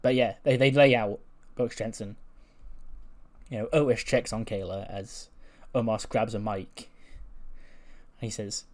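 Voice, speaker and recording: A man's voice: lowish voice, steady tone, a little slow, long pauses. A man casually recapping a wrestling show, chatty and full of fillers.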